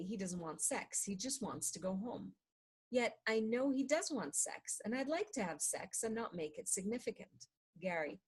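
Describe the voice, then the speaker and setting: A woman reading a book aloud in a measured way, slowing down on repeated chant-like refrains. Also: medium pitch, breathy edge, poor audio. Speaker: reader of a book.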